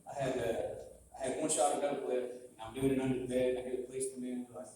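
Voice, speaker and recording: A man's voice: medium pitch, fairly even intonation, fast. A young man sharing his personal recovery story in a casual, rambling way, full of "like" and acted-out quotes. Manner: acts out quoted exchanges. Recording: echoey room, mic far off, ambient noise.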